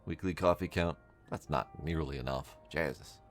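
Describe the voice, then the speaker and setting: A man's voice: very deep voice, normal speed, faint music behind. A man streaming a game, giving wry, mumbly running commentary and reading the on-screen text aloud. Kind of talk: casual gameplay commentary.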